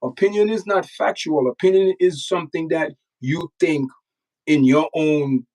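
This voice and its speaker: In a low-quality recording made far from the mic, a man from Jamaica with a Jamaican accent hosts a casual livestream. His voice is a bit high and slightly mellow, his pace measured, as he reacts to news and chat and lectures his audience emphatically, repeating himself.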